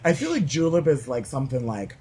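A man's voice: medium pitch, very animated, a little fast, warm tone, husky. A man co-hosting a podcast in casual chat, rambling with many "like" fillers and casual swearing. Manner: chatty, heavy "like" filler, swears freely. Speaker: podcast co-host.

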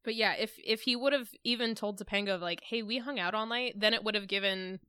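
A woman co-hosts a casual podcast with a bright, forceful tone. Her voice is recorded close and dry, with no room echo. She talks expressively and laughs often. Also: mid-range voice, fairly quick, clean tone. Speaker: podcast co-host. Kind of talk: casual recap chat.

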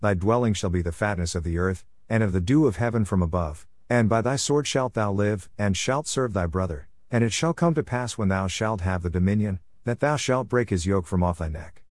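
Aged father figure, solemn and measured, low voice, read plainly by a man. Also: darkish tone, no room sound, lightly acted. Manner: solemn King James cadence. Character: aged blind father blessing his sons.

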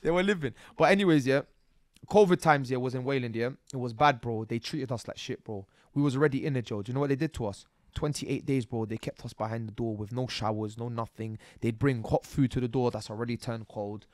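A man, a podcast guest telling his stories in casual street slang, often tagging lines with "bro" and "yeah" and getting animated. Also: mid-range voice, a little fast, no room sound. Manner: animated, rising when excited. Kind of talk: casual interview storytelling.

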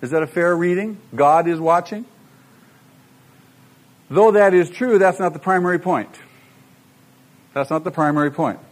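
A man's voice: on the high side, normal speed, long pauses. A middle-aged man preaching a sermon, emphatic and full of rhetorical questions to the congregation. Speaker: pastor.

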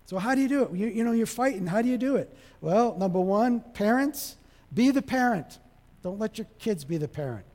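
High-voiced preacher in echoing hall. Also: male voice, fairly quick. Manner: animated, acts out dialogue, shifts from loud to soft. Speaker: pastor. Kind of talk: sermon. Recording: long hall reverb.

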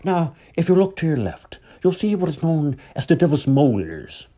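A man's voice: on the high side, big pitch swings, moderate pace, mellow, pitched above the performer's own voice. A man imitating a jovial Irishman who coaxes a friend for a pint, in a sing-song put-on Irish brogue. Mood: coaxing. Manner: sing-song, coaxing, repetitive. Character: jovial Irish man in a pub, politely pestering for beer.

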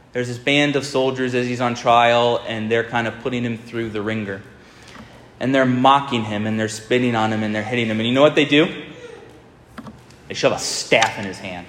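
A man preaching a sermon in a storytelling manner, speeding up and slowing right down for emphasis. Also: mid-range voice, a bit bright, slight background noise. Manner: storytelling, shifting between fast and drawn-out. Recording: echoey hall with long reverb.

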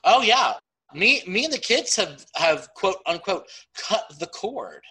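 A man with a bright, forceful voice, chatting casually as a podcast co-host. He tells his stories in an animated way. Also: high voice, a little slow, slight background noise, low-quality recording. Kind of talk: casual chat.

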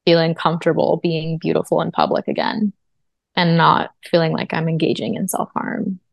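Interview guest: woman with a lowish, gravelly voice, earnest and reflective, dry close sound. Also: little pitch movement, moderate pace, dry recording. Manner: earnest and reflective, with frequent fillers. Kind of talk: personal testimony in a podcast interview.

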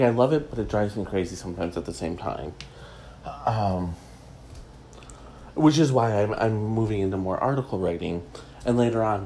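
Chatty low-voiced man with faint hiss. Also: darkish tone, poor audio. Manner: chatty, rambling, self-mocking with many fillers. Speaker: gossip podcast host. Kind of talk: casual solo chat.

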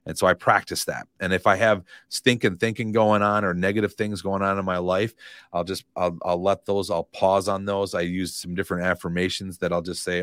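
A man's voice: deep voice, little pitch movement, normal speed, fairly bright tone, dry recording, clean studio sound. A man, a real estate coach, talking earnestly in a casual podcast interview, motivational and given to repeating his phrases.

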